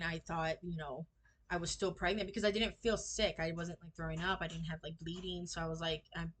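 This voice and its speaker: A young woman telling a personal story in a casual vlog, halting and full of fillers, acting out what people said to her. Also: fairly low pitch, a bit bright. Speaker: vlogger sharing a personal story.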